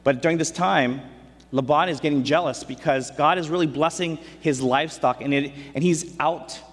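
A man's voice: fairly high pitch, normal speed. Man preaching in an echoing hall. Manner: conversational, retells scripture in everyday speech. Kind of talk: casual sermon storytelling. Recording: long hall reverb.

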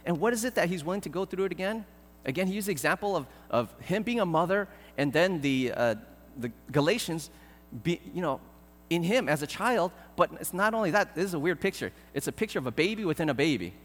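A man preaching a sermon as pastor, earnest and pleading, often repeating words and filling pauses. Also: high-pitched, expressive, in a large hall.

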